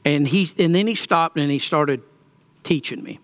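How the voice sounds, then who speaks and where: A middle-aged pastor preaching with a high, bright voice. He talks in a folksy, storytelling way, then presses his points home with emphasis. His tone stays clear and lively in the upper register. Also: normal speed. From Texas. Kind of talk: sermon storytelling.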